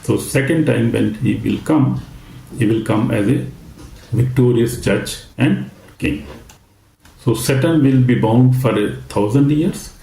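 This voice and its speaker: A man preaching a sermon as a pastor, slow and halting, with frequent fillers and restarts. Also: medium pitch, creaky, warm tone, reverberant, low-quality recording.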